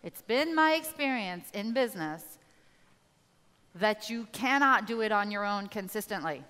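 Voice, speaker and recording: A woman's voice: mid-range voice, lively intonation, unhurried, a bit bright, clean tone, long reverb tail. A woman giving a live motivational talk, rallying the audience with direct questions. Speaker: motivational speaker.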